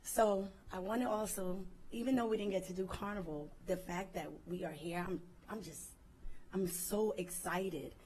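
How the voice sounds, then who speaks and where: A woman who is a reality TV cast member giving an excited, effusive speech at an event. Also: medium pitch, normal speed, slight background noise, poor audio.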